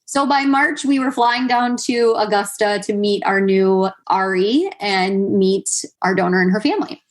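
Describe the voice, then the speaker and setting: In conversational storytelling mode, this podcast guest in her thirties recounts something personal, full of fillers and quoted asides. Her voice is medium-pitched and unhurried.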